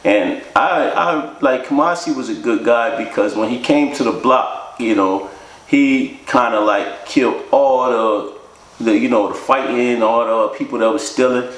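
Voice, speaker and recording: A man telling his own life story in an interview, halting and unhurried, with many fillers and restarts. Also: medium pitch. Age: young adult or older. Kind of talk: casual spoken storytelling. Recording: roomy echo.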